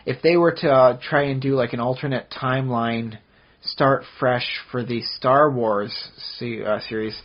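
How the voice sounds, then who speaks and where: Man, casual podcast chat, husky voice, rambling, muffled lo-fi sound. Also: medium pitch, steady tone, moderate pace. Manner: rambling, lots of fillers and restarts. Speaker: podcast co-host. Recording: dull lo-fi podcast audio.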